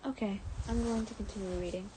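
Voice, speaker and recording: A young American woman reading fan fiction aloud on a livestream, stumbling over words, giggling and dropping into soft whispers. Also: mid-range voice, steady tone, quick pace, background noise. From United States. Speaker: streamer.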